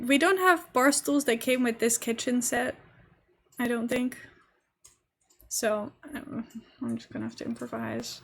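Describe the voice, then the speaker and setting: A young woman with a posh English accent, chatting casually and giggling as she streams a game. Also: a little high. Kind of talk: casual live-stream chat while gaming.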